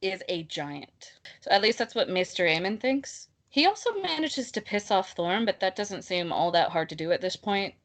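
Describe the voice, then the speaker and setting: A woman co-hosting a casual book discussion podcast, talking in an animated, exasperated way and laughing often. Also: medium pitch, moderate pace. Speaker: podcast co-host.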